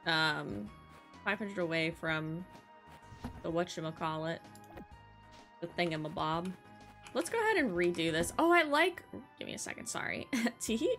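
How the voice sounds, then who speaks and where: Bubbly young woman gaming over soft music. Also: fairly low pitch, normal speed, pauses often. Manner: bubbly, excitable, gasps and gushes often. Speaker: gaming channel host. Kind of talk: casual let's-play commentary. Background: faint game music.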